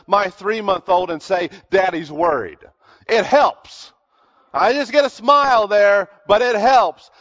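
A man's voice: high-pitched, a bit bright, dull audio. A man in his thirties preaching a sermon in an earnest, conversational way that rises to emphatic peaks. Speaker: pastor.

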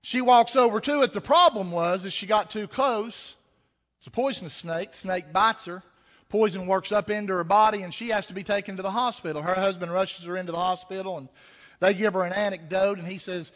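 A man's voice: high-pitched, a little fast, fairly bright tone. A man preaching a sermon, folksy and conversational, with rhetorical questions and a homespun story. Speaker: pastor. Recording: echoey hall, dull lo-fi sound.

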